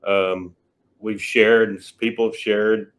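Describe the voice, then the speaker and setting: A man's voice: on the low side, flat delivery, slow pace. A man hosting an interview, casually plugging his guest's business. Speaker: host. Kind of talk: interview host.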